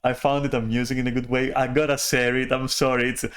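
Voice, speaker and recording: A man's voice: medium pitch, level tone, quick pace, a bit bright. A man talking in a casual rambling monologue, often apologizing, laughing and swearing as he restarts his sentences. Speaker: channel host.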